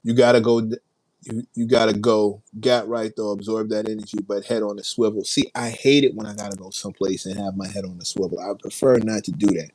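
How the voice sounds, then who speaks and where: A man from New chats easily on a livestream, wandering from thought to thought and answering viewers by name. His voice sits low, and the sound is close and dry. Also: level tone, brisk, a little mellow, no echo, low-quality recording. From New York. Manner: rambling, laid-back, reads and answers chat. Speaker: livestream host. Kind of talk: casual livestream chat.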